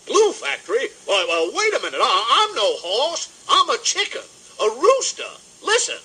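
An actor playing a boastful, folksy rooster who repeats himself, in 1950s children's record acting with music behind. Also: male voice, very high-pitched, wildly swooping pitch, moderate pace, bright, forceful tone, breathy edge, heavily acted. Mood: flustered. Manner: drawling, self-satisfied, bossy. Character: blustering big southern rooster, boastful, folksy.

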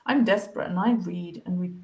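A woman telling her recovery story in a casual interview, acting out past conversations with lively changes of voice, heard over a video call. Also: lowish voice, brisk. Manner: animated, acts out past conversations.

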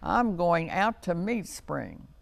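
A man voicing an eager, curious little male bunny in a children's storybook, with a high, breathless, excitable manner. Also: takes it slowly, vocal fry, full character voice. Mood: determined.

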